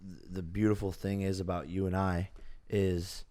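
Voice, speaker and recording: A man's voice: low voice, little pitch movement, moderate pace, mellow. A young man in his twenties, co-hosting a casual podcast chat, who speaks in an earnest, motivational way. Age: 20s. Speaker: podcast co-host.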